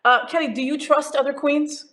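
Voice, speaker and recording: A woman's voice: high-pitched, steady tone, normal speed, fairly bright tone, slight background noise. A middle-aged woman hosting a talk show, teasing her guest and swearing freely. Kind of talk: casual interview chat.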